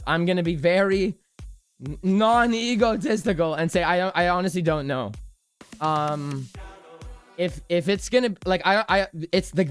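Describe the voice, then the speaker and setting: A man streaming about crypto trading, answering viewer questions in a loose, joking, self-deprecating way with many restarts. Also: sits high. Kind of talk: casual livestream chat answering viewer questions.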